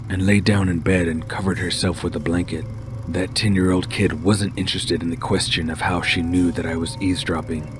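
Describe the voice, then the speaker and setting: A man narrating a scripted first-person horror story in a steady, measured way. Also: deep voice. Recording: noisy home recording.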